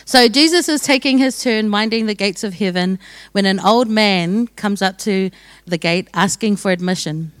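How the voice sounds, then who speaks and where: A young woman speaks to a congregation, casual and joking, laughing easily between her thoughts. Her voice sits at a middle pitch and sounds close and dry. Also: normal speed, no room sound. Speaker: church speaker sharing testimony. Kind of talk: sermon testimony.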